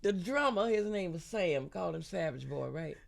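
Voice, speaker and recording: Older lady singer telling stories in an interview, gravelly voice, laughs a lot, sings bits. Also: on the low side, moderate pace. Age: 70s. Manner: animated storyteller, laughs often, sings snatches of songs. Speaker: guest singer. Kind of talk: storytelling interview.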